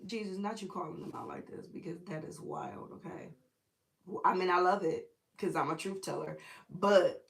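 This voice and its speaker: Woman, preacher, casual bible teaching, sassy, slightly low voice, echoey room. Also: moderate pace, gravelly. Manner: chatty, animated, sassy asides.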